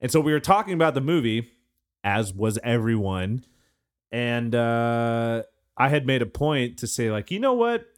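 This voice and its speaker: A man co-hosting a casual podcast, telling a story with lively acted-out quotes. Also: mid-range voice, a little slow, clean tone. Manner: animated storyteller, acts out quoted voices. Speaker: podcast co-host. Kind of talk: casual chat.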